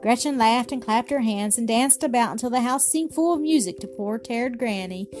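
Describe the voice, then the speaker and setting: A woman's voice: on the high side, normal speed. Woman narrating a children's story. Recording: music playing behind.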